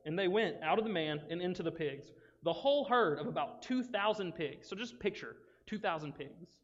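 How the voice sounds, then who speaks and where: Joking young preacher in a reverberant hall. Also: male voice, high-pitched, normal speed. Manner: joking, animated, self-interrupting. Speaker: youth speaker. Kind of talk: casual, joking sermon. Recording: dull sound with long hall reverb.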